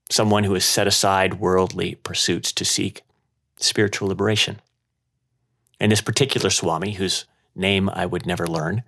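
A man hosting a podcast, narrating a personal story in a slow, measured way. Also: fairly low pitch, vocal fry, a bit bright. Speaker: podcast host.

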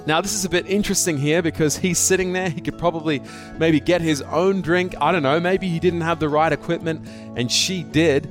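A man's voice: a little high, brisk, faint music behind. A man from Australia, preaching a conversational sermon full of rhetorical questions and personal stories. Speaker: pastor.

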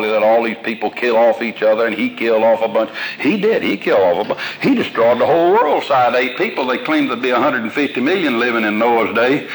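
A man's voice: medium pitch, low-quality recording. An older man, a pastor, preaching a sermon to a congregation in a folksy, homespun way with everyday examples. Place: room with a congregation.

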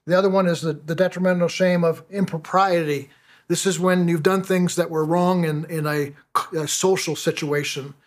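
A man's voice: fairly high pitch, steady tone, normal speed. A middle-aged man preaching a sermon as pastor, often stumbling and repeating words as he restarts his phrases.

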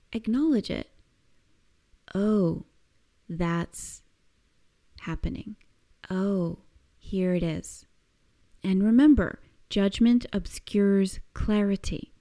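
A woman coaching listeners through a reflective self-help exercise, speaking gently and searchingly with frequent soft laughs. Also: mid-range voice. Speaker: coach giving a weekly task.

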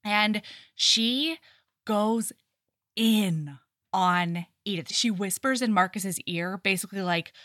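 A woman's voice: mid-range voice, slow pace, no echo, studio quality. A woman co-hosting a podcast, casually recapping a novel, acting out the characters' lines and swearing freely. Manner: animated storyteller acting out quotes, swears freely. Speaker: podcast co-host. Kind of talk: casual chat recapping a book.

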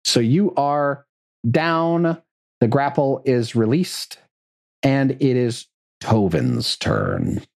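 A man running a tabletop game as game master, measured and focused on the rules. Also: mid-range voice, big pitch swings, creaky, darkish tone.

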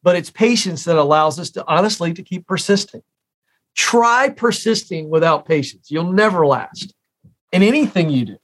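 Emphatic American man in his forties, higher-pitched. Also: lively intonation, moderate pace. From United States. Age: 40s. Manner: emphatic, repeats key phrases for effect. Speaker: guest, career expert. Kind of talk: interview storytelling.

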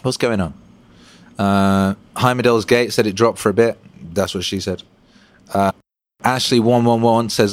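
A man hosting a casual livestream and reading chat aloud. He swears freely and swings between loud bursts and low mumbles. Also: steady tone, a little slow, long pauses, no echo.

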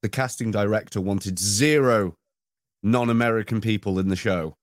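A man's voice: fairly low pitch, moderate pace, no echo, studio quality. A man in casual chat, joking and teasing with crude banter.

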